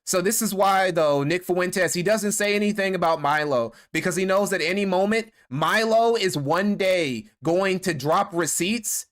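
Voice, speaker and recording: A man's voice: sits high, normal speed, few pauses. A man giving casual, crude, gossipy livestream commentary, mocking people and laughing at his own jokes.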